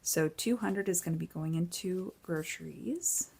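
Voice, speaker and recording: Chatty woman budgeting vlogger, lowish voice. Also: a little slow, creaky, darkish tone, breathy edge. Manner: chatty and upbeat, talking to herself while counting bills. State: tired from little sleep. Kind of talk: casual chat while cash stuffing.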